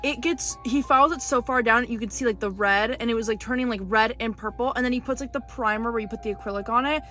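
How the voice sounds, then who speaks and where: A woman telling a storytime clip to her viewers, indignant and animated. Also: fairly high pitch, quick pace, soft background music.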